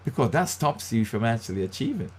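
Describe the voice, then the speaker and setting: A man's voice: mid-range voice, sing-song, brisk, a little mellow, breathy edge. A male pastor giving motivational Bible teaching, emphatic and repeating his key phrases.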